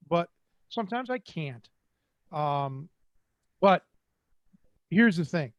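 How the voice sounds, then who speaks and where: A man's voice: a little high, expressive, slow pace, no echo, lo-fi sound. An older man from Cleveland, hosting and telling rambling, streetwise stories in a casual way. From Cleveland, Ohio. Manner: rambling, streetwise, quotes others in voices. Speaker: host. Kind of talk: casual storytelling.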